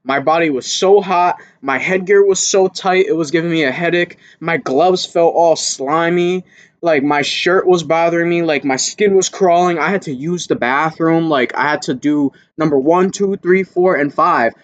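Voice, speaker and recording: An amateur boxer telling a candid, casual story to camera, swearing freely and getting higher and louder when he relives his panic. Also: moderate pace, no echo.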